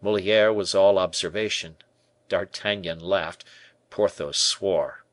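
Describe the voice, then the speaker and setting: A man narrating an unabridged classic novel in an expressive, theatrical reading. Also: sits low, slow, no echo. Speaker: audiobook narrator. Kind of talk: scripted narration.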